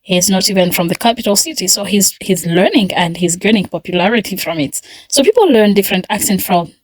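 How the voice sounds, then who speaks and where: A woman's voice: medium pitch, brisk, no room sound. Woman chatting thoughtfully about stuff, dry close mic, mid voice. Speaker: commentator. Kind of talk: casual commentary.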